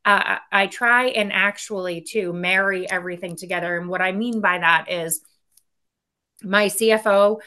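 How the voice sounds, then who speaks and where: A woman executive being interviewed, talking candidly and energetically in quick bursts that often trail off. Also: mid-range voice, fairly even intonation, sharp tone. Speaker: guest, company executive. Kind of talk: casual interview talk.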